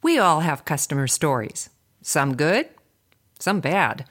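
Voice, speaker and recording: A woman reading scripted podcast narration that links the segments, in a smooth, measured way. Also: deep voice, sing-song, fairly bright tone. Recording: music clearly underneath.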